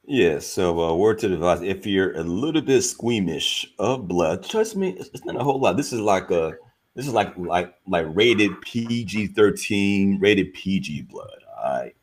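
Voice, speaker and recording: Deep-voiced laid-back man co-hosting a podcast. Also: very animated, unhurried. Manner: loose, laughing, slangy. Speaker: podcast co-host. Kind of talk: casual reaction chat.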